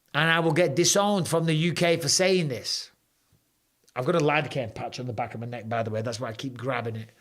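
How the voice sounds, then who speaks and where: English male host, 40s, hoarse, animated and slangy, average pitch. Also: moderate pace, long pauses. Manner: chatty, animated storytelling with British slang. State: hoarse from throat trouble. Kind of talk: casual live-stream chat.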